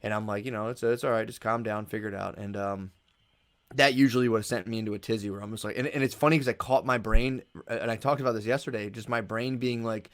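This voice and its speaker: A man's voice: fairly low pitch, steady tone, fast, fairly bright tone. A man guest on a podcast, chatting casually and rambling through a story, acting out his own thoughts and swearing freely. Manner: casual swearing, calls listener "dude". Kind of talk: casual conversation.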